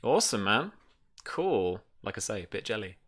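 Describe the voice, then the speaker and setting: A man hosting a tabletop game, jokey and quick to laugh. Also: lowish voice, very animated, a bit bright. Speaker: game master.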